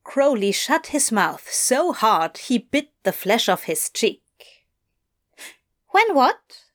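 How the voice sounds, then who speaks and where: Slow, expressive woman narrator. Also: on the high side. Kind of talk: audiobook reading of fiction.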